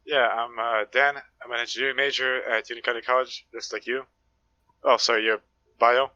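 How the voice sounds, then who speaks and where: Brief: young male guest, very bright voice, dry close sound, deadpan jokes. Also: medium pitch, dry recording, highs cut off. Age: young adult. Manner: quick, dry wit. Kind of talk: casual chat. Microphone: call.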